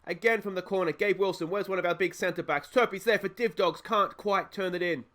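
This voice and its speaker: A man's voice: sits high, a little fast. Australian man commentating his football game. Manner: rambling, excitable on goals. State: hoarse from a cold. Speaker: let's play host.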